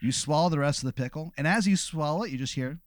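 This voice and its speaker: A man's voice: a little high, quick pace, a little hiss or hum. A man co-hosting a podcast who improvises a comic story in the second person and rambles with lots of fillers. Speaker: podcast co-host.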